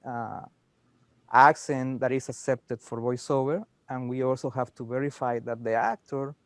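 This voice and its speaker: Casting: man on a panel, mid-pitched, dry close mic, many "you know"s. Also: no echo. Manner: explanatory, frequent "you know" fillers. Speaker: dubbing studio head. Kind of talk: panel discussion.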